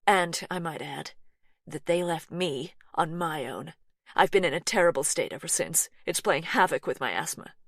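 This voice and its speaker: A woman voicing a softly spoken, anxious American woman with a gentle but firm twang, in an audiobook. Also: deep voice, lively intonation, moderate pace, gravelly, dry recording, studio quality, heavily acted.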